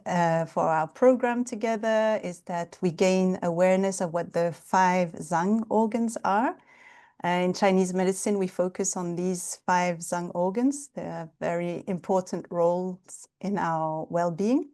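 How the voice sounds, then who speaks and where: A gentle woman instructor guides a qigong class over a video call. Her voice sits a little low and sounds mellow, and she speaks slowly and calmly, with small hesitant pauses. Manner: gentle, calm, with hesitant fillers. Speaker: Chinese medicine therapist and qigong instructor.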